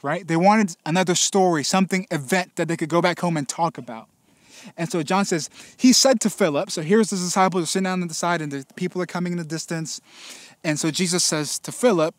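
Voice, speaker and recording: A man preaching a casual sermon as pastor, telling a story with animated, playful voices for its characters. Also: on the high side, dry recording. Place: church gathering space.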